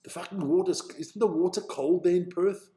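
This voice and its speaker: A South African man hosts a live stream while watching rugby, chatting casually, thinking aloud and swearing freely. His voice sits high and warm, at a normal speed.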